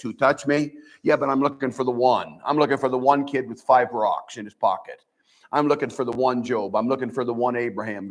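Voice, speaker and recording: An older man preaching a midweek sermon in church, earnest and folksy, often restarting his sentences and quoting scripture. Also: medium pitch. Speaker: pastor. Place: church sanctuary.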